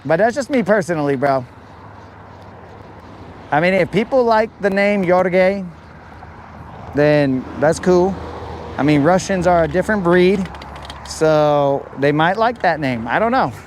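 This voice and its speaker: A man's voice: high-pitched, expressive, measured pace, long pauses, a little hiss or hum. A man hosting a fishing livestream outdoors by a shoreline, rambling and joking with his chat in a casual way. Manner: rambling, jokey, talks to chat as bros. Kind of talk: casual live-stream chat while fishing. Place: outdoors by a riprap shoreline near a road.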